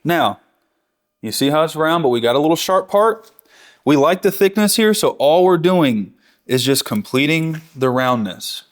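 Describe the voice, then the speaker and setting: In a real-time cooking tutorial, a man with a fairly high, lively voice at a moderate pace guides his viewers through each step of a barbecue task. His tone is chatty and eager, and he fixes his own slips along the way.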